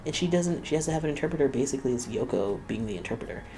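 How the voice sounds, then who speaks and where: A man's voice: mid-range voice, expressive, racing, dark tone, slight background noise. A young man hosting a reaction video, chatting casually and laughing often as he quotes the people he watches.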